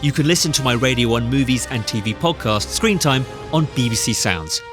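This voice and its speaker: A man's voice: medium pitch, lively intonation, brisk, over music. A British man reading a channel outro in an upbeat, scripted way.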